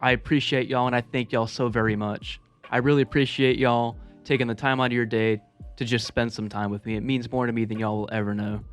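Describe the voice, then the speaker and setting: A man's voice: medium pitch, flat delivery, fairly quick, soft background music. A man telling a personal story to his viewers in a casual, laid-back, profane way, with chuckling asides. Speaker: storytelling vlogger.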